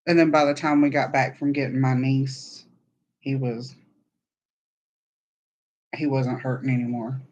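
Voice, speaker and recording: A woman's voice: rumbling low, little pitch movement, a little slow, pauses often, darkish tone, lo-fi sound. A woman hosting a casual livestream chat, telling meandering, chatty stories. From Southern United States. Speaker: podcast host.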